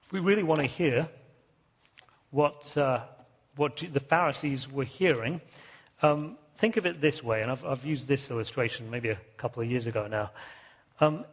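A man from Britain preaching a sermon, telling the story with lively emphasis and repeating key words. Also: medium pitch, normal speed, slightly rough, long reverb tail, muffled recording.

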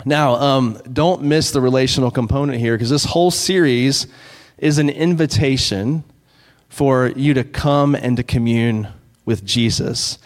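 A man preaching a sermon as pastor, in an earnest, conversational way, slowing down to read scripture. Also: medium pitch. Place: church sanctuary. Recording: long hall reverb.

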